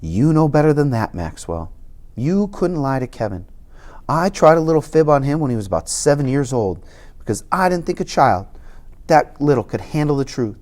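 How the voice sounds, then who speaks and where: A reader voicing a kind, weary woman doctor who speaks softly and slowly in an audiobook. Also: medium pitch, big pitch swings, voice pushed down, natural voice. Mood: gently sad. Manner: soft, slow and quiet. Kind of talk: audiobook character voice.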